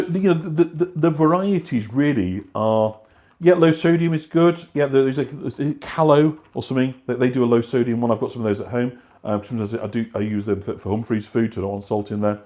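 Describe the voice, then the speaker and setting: A man teaches a live online cooking class, rambling conversationally as he cooks and answers viewers, with many fillers and restarts. His voice is mid-range with a darkish tone.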